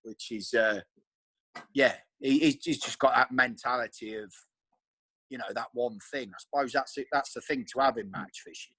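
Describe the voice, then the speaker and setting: A man chatting on a video call, telling animated stories and acting out his friends' voices. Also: mid-range voice, normal speed, breathy edge, no echo. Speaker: regular angler on the chat. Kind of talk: casual video call chat.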